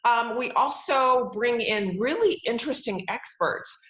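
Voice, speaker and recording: A woman's voice: on the high side, animated, measured pace, fairly bright tone. A woman in her forties, a TV judge being interviewed, talking in an upbeat, emphatic way and laughing often. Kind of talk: casual interview talk. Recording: roomy echo.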